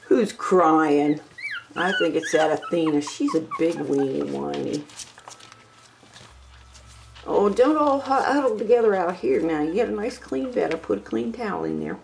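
Woman breeder talking to puppies in cooing baby talk; unhurried, with a lively, swooping sing-song. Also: lowish voice, vocal fry, background noise. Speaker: dog breeder filming her litter. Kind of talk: casual talk to puppies while filming. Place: home, by a whelping box. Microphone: handheld camera.

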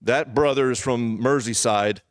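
A middle-aged man preaches in a church with a mid-range voice, leaning hard on repeated phrases. He often sinks into a hushed, intimate tone to draw listeners in. The sound is dry and close, with no room echo. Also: medium pitch, a little slow. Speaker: pastor. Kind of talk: sermon.

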